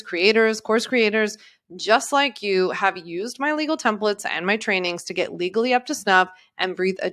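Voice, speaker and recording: Upbeat woman pitching a legal training. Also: a bit bright. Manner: upbeat, direct, encouraging. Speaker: attorney and business coach. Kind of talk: sales webinar presentation.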